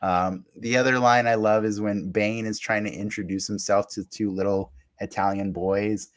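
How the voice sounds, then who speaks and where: Low-voiced man rambling through a recap. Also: fairly even intonation, normal speed. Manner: rambling, laughing recap with fillers and restarts. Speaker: podcast co-host. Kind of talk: casual recap chat.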